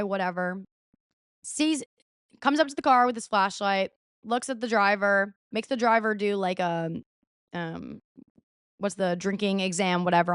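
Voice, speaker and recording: Recorded at studio quality with no room sound, this young podcast host in her twenties has a smooth, mid-range, fairly bright voice. She relates a story casually, peppering it with "like" and performing the quoted lines.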